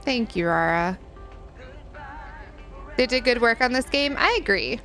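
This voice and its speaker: A woman's voice: on the high side, expressive, a little slow, pushed and bright, faint music behind. Chatty woman streaming a game. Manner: chatty, reads and answers chat, giggles often. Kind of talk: casual live-stream chat while gaming.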